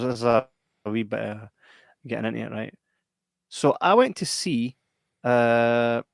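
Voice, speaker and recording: A Scottish man co-hosting a casual podcast, his voice at a middle pitch. He tells animated, sweary stories and laughs often. The sound is dry and close to the mic. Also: no room sound. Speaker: podcast co-host. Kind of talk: casual chat.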